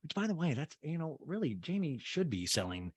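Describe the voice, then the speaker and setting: A man's voice: fairly high pitch, sing-song, a little fast, slightly rough, no room sound. A man hosting a podcast, recapping a show in a chatty, profane, incredulous way. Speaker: podcast host. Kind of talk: casual comedic recap.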